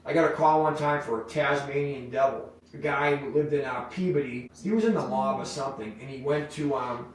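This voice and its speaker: A middle-aged man, telling rambling, profane stories as a podcast guest, animated when he quotes people. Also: mid-range voice, brisk, hardly any pauses, a little hiss or hum. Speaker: podcast guest, wildlife removal business owner. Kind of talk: casual storytelling. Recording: echoey room, mic at a distance.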